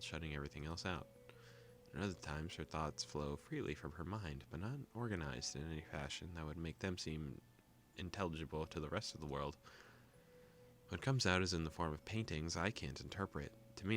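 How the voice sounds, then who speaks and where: A young man hosting a gaming video, calmly reading a visual novel aloud with joking asides. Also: very deep voice, slight background noise.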